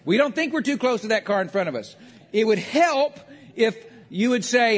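Male pastor, high pitch, chatty sermon delivery with quoted asides, big reverberant room. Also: animated, a little fast. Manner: conversational preaching with acted-out quotes. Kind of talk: sermon on marriage. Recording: long reverb of a large hall.

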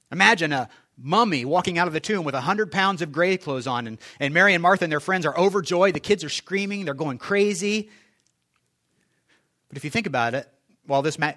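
Man preaching a sermon, up and down. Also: mid-range voice. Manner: conversational preaching with rhetorical questions, swings between loud and soft. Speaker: pastor.

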